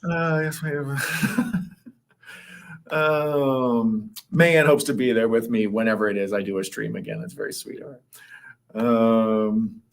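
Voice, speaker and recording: A man co-hosting a casual livestream, reading viewer comments aloud and joking, with sudden jumps up in pitch. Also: steady tone, vocal fry. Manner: jokey, reads comments aloud, quick laughs and pitch jumps. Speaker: co-host reading live chat.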